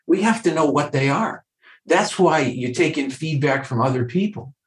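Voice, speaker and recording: A man's voice: a little high, animated, moderate pace, reverberant, poor audio. An older man, a clinical psychologist, talking earnestly in a podcast interview and acting out short exchanges with patients. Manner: earnest, acts out dialogue from patients.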